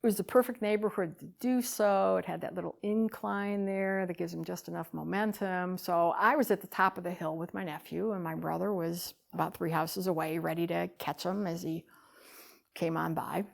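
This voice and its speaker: A woman giving a talk, telling a story with animated swings between loud bursts and hushed lines. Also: lowish voice, normal speed, vocal fry. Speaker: speaker.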